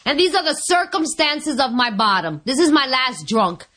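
A woman's voice: high voice, lively intonation, moderate pace, a bit bright. A woman sharing her recovery story before an audience, candid and wry, often laughing at herself. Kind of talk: personal testimony before an audience.

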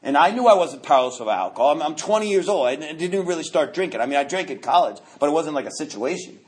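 Speaking quickly with a voice on the high side, this New Yorker, a new man, shares his recovery story at a meeting. His talk is animated and full of jokes, with words repeated as he restarts.

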